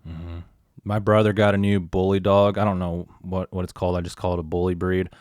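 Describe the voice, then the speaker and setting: Man, host, very low voice, dry close sound, easygoing. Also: little pitch movement, a little fast, a little mellow, no room sound. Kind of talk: casual conversation.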